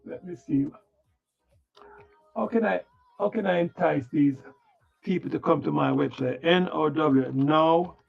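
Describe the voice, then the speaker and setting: A man hosting a trading livestream mutters to himself in a slow, drowsy ramble and breaks now and then into loud, playful bursts. His voice sits high and rough with fry. Faint music runs under a dull, lo-fi recording. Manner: muttering to himself while setting up the screen. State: yawning, tired. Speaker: livestream stock trading host.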